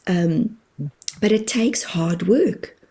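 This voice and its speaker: Husky, warm-toned woman telling emotional stories. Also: mid-range voice, expressive, very slow. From immigrated to New Zealand. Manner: tearful, open and heartfelt, laughs through tears. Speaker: guest, spiritual medium and therapist. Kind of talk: emotional personal storytelling.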